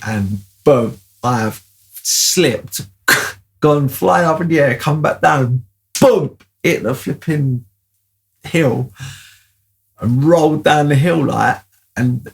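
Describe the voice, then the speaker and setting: Male storyteller, gravelly, loose and rambling, middle pitch. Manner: rambling, full of "like" fillers. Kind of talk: casual storytelling.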